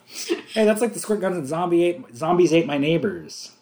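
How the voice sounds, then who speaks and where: A man co-hosting a casual movie commentary. He is jokey, laughs often and slips into quick impressions. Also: a little high, animated, a crowd in the background. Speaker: podcast co-host.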